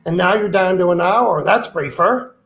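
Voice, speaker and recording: A man's voice: sits high, normal speed, vocal fry, a bit bright. A man speaking as a guest author in an interview, emphatic and playful, acting out quoted complaints. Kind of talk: animated interview talk.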